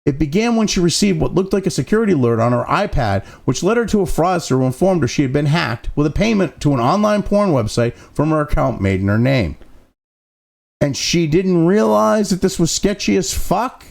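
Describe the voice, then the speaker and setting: A man's voice: a little high, sing-song, a little fast, vocal fry, darkish tone. A man hosting a commentary show, reading news excerpts and breaking off into profane, sarcastic, exasperated rants with mocking asides. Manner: mocking asides between read-out passages.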